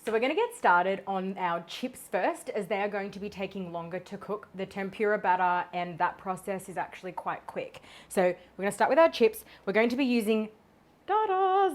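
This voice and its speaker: A young Australian woman with an Australian accent, hosting a cooking tutorial in a cheeky, sweary, giggly way. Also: mid-range voice. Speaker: cooking vlogger.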